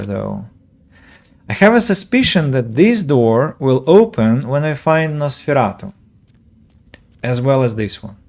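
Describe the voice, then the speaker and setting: A man's voice: mid-range voice, creaky, darkish tone. Chatty man streaming a game. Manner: chatty, rambling, answers chat aloud; self-correcting, filler-heavy. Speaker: game streamer and English teacher. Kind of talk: casual let's-play commentary.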